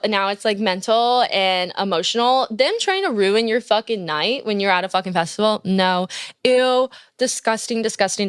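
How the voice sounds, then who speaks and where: Young woman podcaster, blunt and sweary, smooth voice, dry close sound. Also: mid-range voice, fairly bright tone, no room sound. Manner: blunt, profane, gushing. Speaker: podcast host. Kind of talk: casual advice chat.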